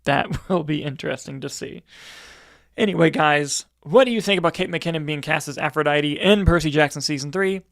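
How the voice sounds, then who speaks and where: A man's voice: on the high side, a little fast, fairly bright tone, no echo, clean studio sound. A man co-hosting a movie news roundtable podcast, talking casually with candid, profane jokes. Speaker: podcast co-host.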